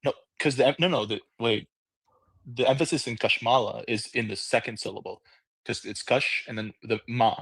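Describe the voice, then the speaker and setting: A man's voice: mid-range voice, normal speed, a bit bright, slightly rough, no echo. A man speaking on an online panel, hesitant and full of fillers and restarts. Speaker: audio room panelist. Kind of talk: casual discussion.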